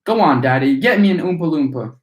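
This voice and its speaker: A man's voice: a little high, animated, fairly quick, pitched above the performer's own voice, lightly acted. Veruca: a man doing a whiny spoiled girl. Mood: whining. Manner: whining, insistent. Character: spoiled demanding little girl. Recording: echoey room.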